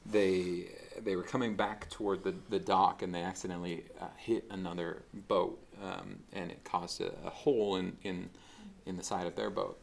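A man's voice: deep voice, gravelly. A man preaching a casual, conversational sermon, with frequent fillers and restarts as he talks through a passage. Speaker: pastor.

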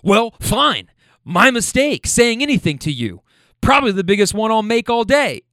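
A man putting on the voice of a disgusted, bigoted gray-haired older man who blusters loudly. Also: a little high, expressive, measured pace, dry recording, clean studio sound. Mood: huffy.

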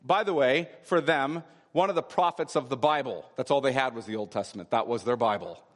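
A man's voice: mid-range voice, fairly quick. A man preaching a sermon, explaining scripture with emphatic repetition. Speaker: pastor. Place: church sanctuary. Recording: long hall reverb.

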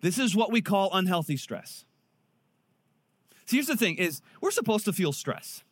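Animated, fairly high-voiced preaching man. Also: moderate pace, slightly rough. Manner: conversational, animated preaching with acted-out quotes. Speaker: pastor. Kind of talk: sermon.

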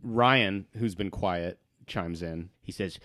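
A man narrating a tabletop role-play as game master, relaxed, with frequent fillers. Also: sits low, slow.

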